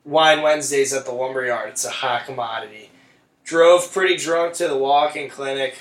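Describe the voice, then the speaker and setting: A man's voice: medium pitch, steady tone, moderate pace, roomy sound. A young man co-hosting a podcast, telling rambling stories with lots of swearing and laughter. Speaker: podcast co-host. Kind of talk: casual chat.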